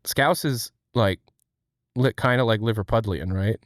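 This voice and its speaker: A young streamer from Ohio, USA chats casually on his livestream, rambling and poking fun at himself. His voice is on the low side and a little slow, captured in clean studio sound with no room echo.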